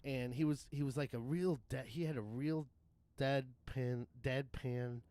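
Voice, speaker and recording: A man's voice: mid-range voice, steady tone, measured pace, mellow, dry recording. A man in his thirties or forties, rambling casually and profanely while streaming a game, with frequent laughs. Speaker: livestream gamer. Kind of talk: casual gaming commentary.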